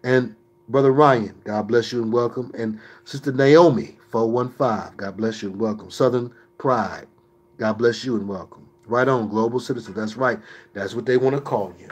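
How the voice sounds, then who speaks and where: A man's voice: mid-range voice, normal speed, husky. A man hosting a livestream, answering viewer questions in an emphatic, preachy way with mocking asides.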